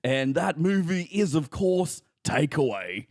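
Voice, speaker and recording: Guy doing a goofy outback twin bloke, slightly high voice, dry close sound. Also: very animated, slow, dry recording, heavily acted. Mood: deadpan bluster. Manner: improvised comic bit. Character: rural Australian man, twin brother, odd and eager.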